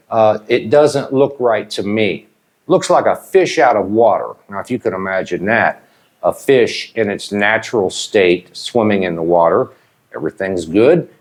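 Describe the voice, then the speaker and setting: A man from Ohio, teaching English slang in a whiteboard lesson. He explains at an unhurried, deliberate pace and often stops to check in with his learners. His voice sits at an ordinary pitch for a man. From Ohio, USA. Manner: slow, deliberate, checks in with "okay?".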